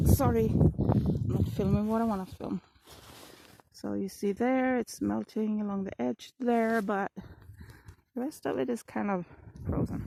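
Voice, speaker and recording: A chatty woman with a slightly high voice talks to her viewers while walking her dog outdoors, rambling and laughing apologetically. She films on a handheld phone, and strong wind roars across the recording. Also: mellow, rough recording. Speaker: vlogger. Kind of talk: casual walking vlog. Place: outdoors by a frozen river on a windy day. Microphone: phone held in hand while walking a dog.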